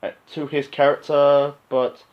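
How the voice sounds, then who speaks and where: A man's voice: on the high side, little pitch movement, a little slow, muffled recording. A man giving a casual, rambling movie review on his channel, full of fillers and restarts. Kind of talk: casual unscripted review monologue.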